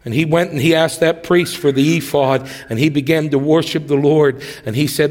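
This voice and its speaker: A man preaching a sermon, telling the story with acted-out voices and swinging between loud, excited passages and hushed ones. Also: fairly high pitch, moderate pace, few pauses. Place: church sanctuary. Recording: long hall reverb.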